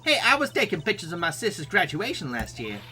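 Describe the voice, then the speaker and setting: A man voicing an excitable, boastful young woman photographer in a game. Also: sits high, fast, soft background music, full character voice. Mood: excited boasting.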